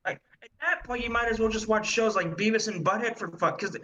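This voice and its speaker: A man's voice: high voice, a little fast, bright, forceful tone, muffled recording, a little hiss or hum. A man co-hosting a podcast in casual chat, laid-back and profane, chiming in with quips. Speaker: podcast co-host.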